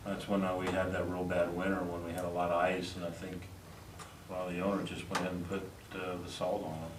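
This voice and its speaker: A man's voice: low voice, monotone, fast talker. A man working as a city official, explaining things evenly in answer to questions at a meeting. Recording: roomy far-off mic with noise.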